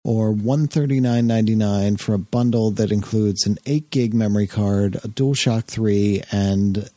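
A man's voice: on the low side, fairly even intonation, normal speed, mellow, no echo. A man hosting a gaming podcast, chatting casually and reading out news items with frequent laughs. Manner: upbeat, reads news items, laughs often. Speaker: podcast host. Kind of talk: casual chat.

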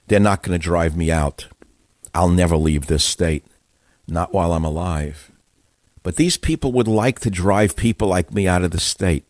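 Gruff ranting low-voiced man. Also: a little mellow, no echo, clean studio sound. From United States. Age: older. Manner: angry ranting. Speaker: radio host. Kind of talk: political talk radio.

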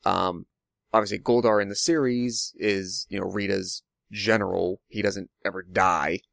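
A man's voice: low voice, fairly even intonation, a little slow, creaky, fairly bright tone, no echo, studio quality. A man discussing a movie in casual chat, rambling and thinking aloud with lots of fillers.

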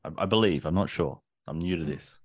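A man co-hosts a casual podcast in a dry, teasing tone. His voice is very deep and low. He ribs the others with sarcastic asides. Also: fairly quick. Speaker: podcast co-host and editor.

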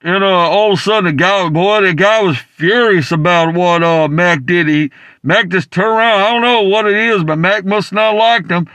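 Guy calling in to a show, rambling story, trips over his words a lot, highish voice, dry sound. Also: moderate pace, a bit bright, no echo. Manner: rambling, stumbling, many restarts and fillers. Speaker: caller. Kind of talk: rambling anecdote.

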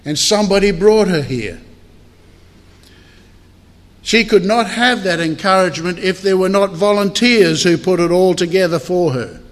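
Slow, high-voiced preacher in a hall. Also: male voice, fairly bright tone. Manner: measured, earnest preaching with deliberate pauses. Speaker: pastor. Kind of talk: sermon. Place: church hall. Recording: long hall reverb.

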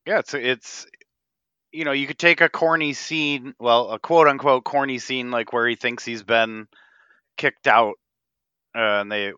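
A man's voice: medium pitch, unhurried, sharp tone, clear, resonant tone, no room sound, highs cut off. A man co-hosting a casual movie podcast, laid-back, agreeing a lot and laughing often. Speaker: podcast co-host.

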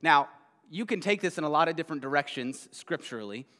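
Pastor preaching casually in a reverberant hall. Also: male voice, a little high, lively intonation, bright, forceful tone. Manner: conversational, frequent "right?" checks, quick restarts. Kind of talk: casual sermon retelling a children's story.

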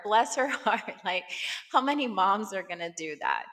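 A woman in her thirties hosting a podcast, chatting casually with lots of fillers and a warm, emotional manner. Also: mid-range voice, expressive, moderate pace, in a large hall. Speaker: podcast host. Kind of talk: casual personal chat.

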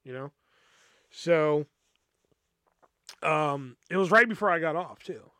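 A man's voice: fairly high pitch, expressive, slow pace, sharp tone, no echo, studio quality. Profane, rambling man telling a story. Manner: profane, rambling, peppers speech with "you know"; retells past conversations with restarts and stammers. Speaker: podcast host telling a personal story. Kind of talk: casual storytelling.

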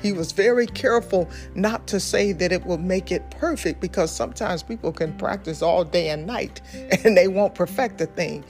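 A woman's voice: fairly low pitch, normal speed, darkish tone. Fervent woman preaching over faint music. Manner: fervent, repetitive, emphatic. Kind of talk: sermon with sung worship opening.

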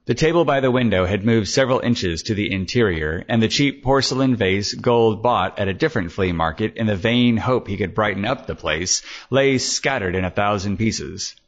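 A man reading a detective novel aloud as a narrator, in an even, measured manner. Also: on the low side. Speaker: audiobook narrator. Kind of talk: scripted narration. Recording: dull lo-fi recording.

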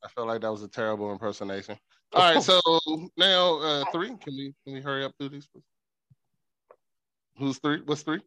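Bright-voiced joking dad host. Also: male voice, medium pitch. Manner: joking, defensive, quick bursts. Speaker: podcast co-host, father. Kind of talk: casual chat.

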